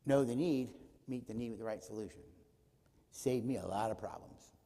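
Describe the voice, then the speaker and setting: A man speaks at a church conference in a warm, mellow voice. He asks rhetorical questions and answers them himself, acting out small exchanges between people. His words ring out with a long reverb from a large church hall. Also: on the low side, normal speed, gravelly. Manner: acts out short dialogues in his talk. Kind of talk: teaching talk at a church conference. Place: church auditorium.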